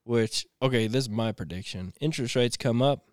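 A man hosting a casual chat, telling stories in a lively way and laughing often. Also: mid-range voice, a little fast, dry recording, studio quality. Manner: animated storyteller, laughs often. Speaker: podcast host.

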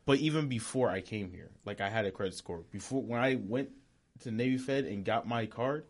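A man's voice: medium pitch, a little fast. A young man in casual podcast chat, speaking hesitantly and tentatively.

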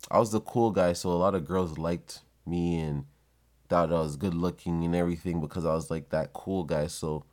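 Blunt low-voiced young man. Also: a little mellow. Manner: blunt and profane, heated storytelling. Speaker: vlogger. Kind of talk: casual monologue.

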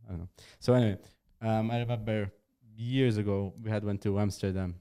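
Man, podcast host, low mellow voice, smooth, hesitant, lots of ums, laughs easily. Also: steady tone. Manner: hesitant, laughs often, halting. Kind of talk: casual chat.

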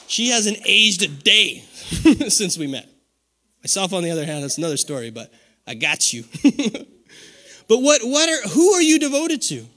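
A man in his forties delivers an animated sermon with call-and-response. His voice sits high and swoops widely in pitch. The tone is bright and forceful. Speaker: pastor.

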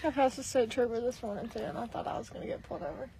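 A woman's voice: a little high, racing, vocal fry, dark tone, a little hiss or hum. A woman co-hosting a podcast, reacting and teasing in casual chat. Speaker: podcast co-host.

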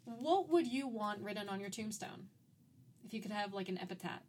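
A woman's voice: medium pitch, expressive, normal speed, a little mellow, a little hiss or hum. Giggly young woman podcast host. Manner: giggly, chatty, laughs through her sentences. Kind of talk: casual chat about a movie.

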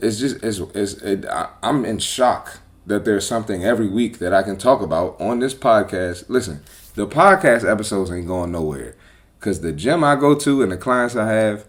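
A man hosting a podcast as a personal trainer, talking bluntly and with profanity in a casual, animated monologue. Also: lowish voice.

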